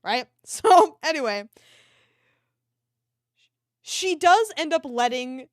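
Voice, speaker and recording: A woman's voice: high voice, lively intonation, slow, no echo, studio quality. A woman chatting casually on a livestream, rambling and swearing freely while she retells a film. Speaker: art streamer. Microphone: desk microphone.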